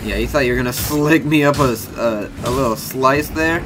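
A young man giving let's-play commentary, excitable, swearing a lot and yelping and shouting when his character takes hits. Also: mid-range voice, moderate pace, music in the background. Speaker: gaming YouTuber.

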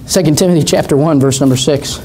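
Male pastor, high voice, fervent storyteller who climbs into shouting, church sermon. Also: fast, a little hiss or hum. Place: church sanctuary.

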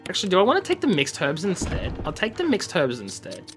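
A man's voice: sits high, wildly swooping pitch, fast talker, fairly bright tone, faint music behind. An Australian man chatting casually and joking while he streams a game. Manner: chatty, joking, mock-grumbling. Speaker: livestreamer. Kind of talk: casual gameplay commentary.

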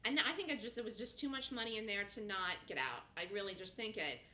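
A woman hosting a live day-trading show, giving rapid, repetitive play-by-play of her trades and gasping and squealing as prices move. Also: medium pitch, pushed and bright, a little hiss or hum.

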